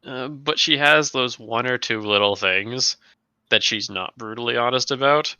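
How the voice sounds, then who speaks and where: A man chatting casually with fellow players about their tabletop campaign, animated and slipping into quick character voices. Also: mid-range voice, clear, resonant tone, no room sound, dull audio.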